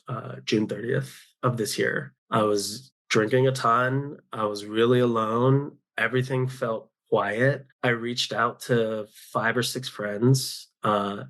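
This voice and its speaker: A man in his home tells a personal story on a podcast. His voice sits at an ordinary middle pitch, and his talk is candid and loose. He often stops mid-phrase, starts over, and slips into quoting what he thought. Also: fairly bright tone. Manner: open, rambling, with many restarts and self-quotes. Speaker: podcast guest.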